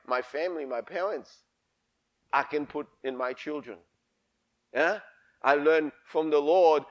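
A man's voice: mid-range voice, a bit bright. A middle-aged man preaching a sermon, fervent and repetitive, calling the congregation to respond.

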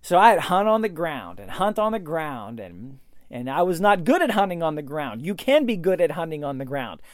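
Animated storytelling man, dry close sound. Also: on the high side, moderate pace, no echo. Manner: animated when quoting others, many fillers. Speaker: podcast host. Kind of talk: solo podcast monologue, storytelling.

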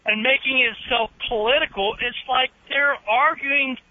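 A man's voice: extremely high pitch, fairly even intonation, measured pace, no room sound. A man in his fifties, a trucker and former Marine, calling in to a radio show in a friendly, rambling way. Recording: tinny phone line.

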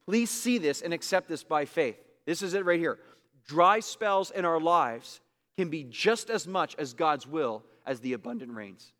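A man preaching a sermon as pastor, emphatic and repetitive, swinging between loud bursts and hushed asides. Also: on the high side, expressive, measured pace, big-room sound.

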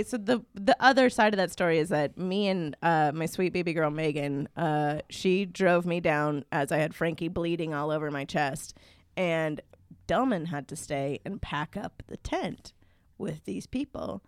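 A woman's voice: lowish voice, smooth, no room sound, studio quality. A young adult woman co-hosting a podcast, telling a long anecdote in casual chat with lots of fillers. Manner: rambling anecdote with many fillers. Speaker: podcast co-host.

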